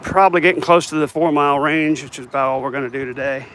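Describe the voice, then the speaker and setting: A fast-talking older man with a slightly high, somewhat bright voice vlogs casually as he walks outdoors on a city street. Holding his phone, he rambles and jokes at himself, with a little hiss or hum in the recording.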